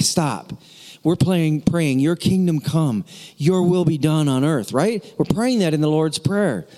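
Long hall reverb fills the church sanctuary as this pastor, his voice slightly high, expressive, and dark in tone, delivers a sermon at a measured pace. He jokes casually and tosses playful asides to the congregation.

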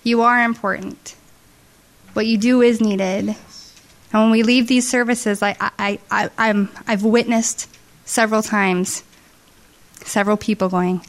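A woman's voice: mid-range voice, fairly even intonation, a little slow, long pauses. A middle-aged woman telling an earnest, emotional testimony story to a congregation at a church service. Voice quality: earnest, emotional, with restarts and soft asides.

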